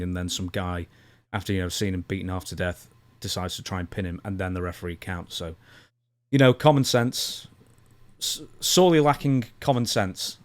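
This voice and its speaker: A man co-hosting a casual podcast, wrapping up the show in a rambling, dry way. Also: low-pitched. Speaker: co-host.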